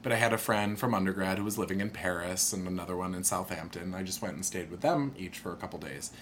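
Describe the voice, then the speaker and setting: Young guy with a deep voice telling stories, gets animated doing other people's voices, faint noise behind. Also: fast talker. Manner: animated storyteller, jumps to high voices when quoting people. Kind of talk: casual storytelling chat.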